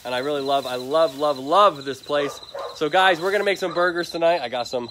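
A Florida man advocating for an animal shelter livestreams outdoors at night, chatting casually, upbeat and repeating himself. His voice is on the high side and brisk, with background noise of crickets and barking dogs.

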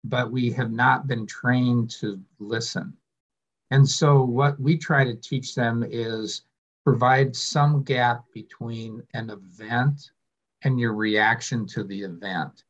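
A man speaking on a webinar, explaining in a measured, deliberate way over a video call. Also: mid-range voice, fairly even intonation. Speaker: webinar presenter. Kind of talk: explanatory panel talk. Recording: muffled lo-fi call audio.

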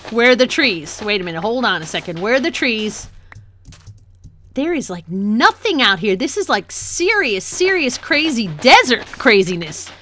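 A young adult woman narrates her own gameplay in a flustered, excitable way, often breaking into laughter. Her voice sits a little high, swings widely in pitch and has a bright, forceful edge. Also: moderate pace, slight background noise. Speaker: gaming channel host. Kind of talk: let's play commentary.

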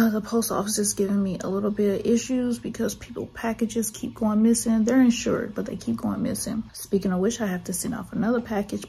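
A woman's voice: medium pitch, vocal fry, a little mellow, slightly rough. A woman who runs a small art shop, out of breath, chatting casually in a vlog from her home office and often correcting herself. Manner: rambling, self-correcting. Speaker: artist running a small online shop.

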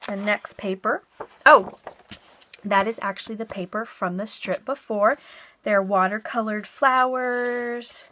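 A woman's voice: mid-range voice, a bit bright. Chatty woman showing off a craft haul. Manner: chatty, describes items as she shows them. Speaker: craft vlogger. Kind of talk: casual haul and flip-through narration.

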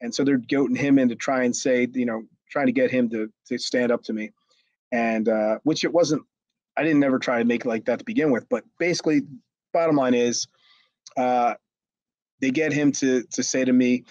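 A middle-aged former wrestler telling a story in an interview, rambling with many fillers and swearing. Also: male voice, mid-range voice, steady tone, moderate pace, dry recording. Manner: rambling, many fillers, swears, acts out others' shouted lines. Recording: dull lo-fi dry sound.

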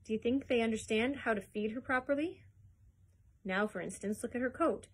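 Woman voicing a hopeful young boy, pleading, rushing words, husky edge. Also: on the high side. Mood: coaxing. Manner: eager, words racing, pleading.

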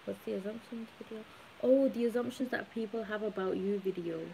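A woman's voice: mid-range voice, brisk, creaky, warm tone, a little hiss or hum, low-quality recording. A young woman co-hosting a casual live stream at home, reading out comments and teasing her partner, recorded on a phone. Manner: teasing, playful, reads viewer comments aloud. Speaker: co-host of a couple's live stream.

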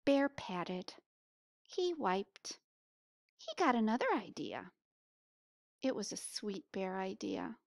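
A woman reading a picture book aloud to children, pausing to ask them questions. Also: mid-range voice, vocal fry, no room sound, clean studio sound. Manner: asks listeners questions, expressive. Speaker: storybook reader.

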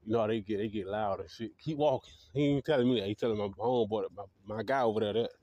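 A man's voice: fairly low pitch, racing, dark tone, no echo, dull audio. A man telling his dream stories in a rambling, profane monologue, laughing at his own tales. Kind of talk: casual storytelling monologue.

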